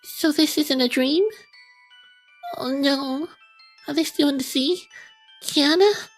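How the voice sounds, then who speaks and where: A woman voicing a flustered, jumpy young female principal in a high, squeaky voice while reading game dialogue aloud. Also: slow pace, soft background music. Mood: bewildered.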